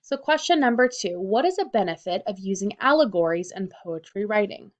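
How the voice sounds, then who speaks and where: A woman high school teacher narrating a recorded lesson over slides, explaining things clearly and reading out questions and answers. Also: animated, a little fast.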